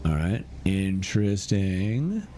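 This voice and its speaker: A man's voice: low voice, big pitch swings, takes it slowly, background noise. Rambling young man streaming a game. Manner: rambling, many fillers and restarts. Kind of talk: casual gaming commentary.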